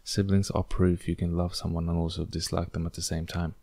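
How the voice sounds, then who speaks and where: Low, gravelly-voiced man rambling casually. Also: level tone, fairly quick, a little mellow, no room sound. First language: not English. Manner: rambling, self-deprecating, many fillers. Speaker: podcast host. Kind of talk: casual solo podcast, reacting to tweets.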